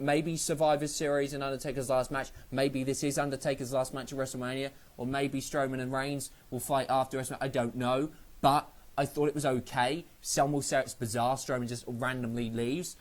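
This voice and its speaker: A man giving a casual spoken review of a wrestling show, excitable and rambling, swearing freely. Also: medium pitch.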